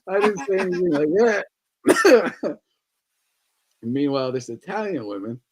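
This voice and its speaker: A podcast host with a fairly high voice chats loosely at a measured pace, sounding very animated. He swears a lot and laughs often.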